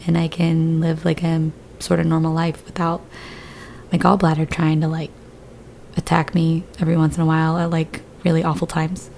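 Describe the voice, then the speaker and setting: Woman, gaming creator, hoarse and deep with a gravelly edge, loose rambling commentary. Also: monotone, moderate pace, darkish tone, slight background noise. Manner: rambling, chatty, a bit scattered. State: hoarse after surgery, voice lower than usual. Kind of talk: casual gameplay commentary.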